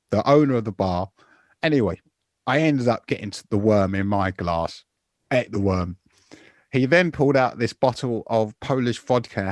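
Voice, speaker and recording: Guy in his 50s hosting a podcast, lowish voice, chatty rambling story, calls you mate a lot, dry close mic. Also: dry recording. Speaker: podcast host. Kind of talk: casual chat, storytelling.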